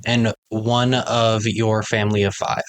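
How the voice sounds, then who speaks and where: A man's voice: fairly low pitch, little pitch movement, a little slow. A man co-hosting a podcast, chatting casually and rambling with lots of filler words. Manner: rambling, many fillers like "like" and "you know". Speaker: podcast co-host. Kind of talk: casual chat.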